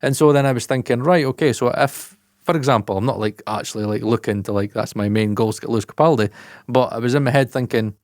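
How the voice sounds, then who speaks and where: A Scottish man co-hosting a podcast about audio engineering, talking excitedly and swearing freely. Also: quick pace, no room sound, clean studio sound. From Scotland. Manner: excitable, swears freely, jumps pitch in animated asides. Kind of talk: casual podcast chat.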